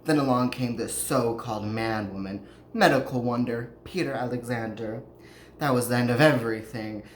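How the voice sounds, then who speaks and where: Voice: mid-range voice, moderate pace, natural voice. A podcaster voicing a distraught, anxious 1930s mother pleading to get her daughter back. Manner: theatrical pleading read with a put-on accent. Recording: roomy echo, faint noise.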